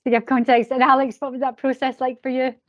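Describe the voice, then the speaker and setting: Woman moderator, slightly high voice. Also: flat delivery, fast talker. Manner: encouraging, asks guests by name. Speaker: host. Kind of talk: moderating a virtual panel.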